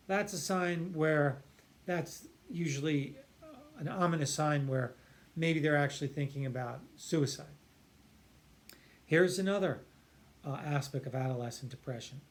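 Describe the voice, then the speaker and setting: A man, a psychiatrist, explaining earnestly and emphatically, stretching key words and often restarting his sentences. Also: fairly high pitch. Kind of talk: explanatory talk to camera.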